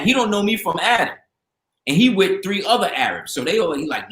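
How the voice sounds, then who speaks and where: A man's voice: sits high, fairly quick. A man speaking as a guest in casual storytelling talk, acting out the voices of people in his stories. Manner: animated storyteller, acts out quoted voices. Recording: roomy echo.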